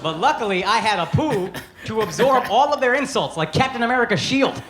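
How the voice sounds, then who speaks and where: A man's voice: high voice, expressive, fairly quick. A man in his thirties performing a brash, profane stand-up comedy set on a club stage. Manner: brash, profane, punchy delivery. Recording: roomy live club recording with crowd noise. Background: loud audience laughter.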